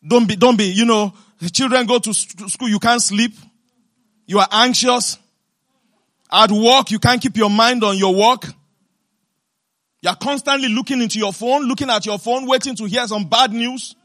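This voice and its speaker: A woman preacher delivering an emphatic sermon, asking the congregation question after question and breaking into shouts and laughter. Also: fairly high pitch. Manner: asks the congregation rapid rhetorical questions.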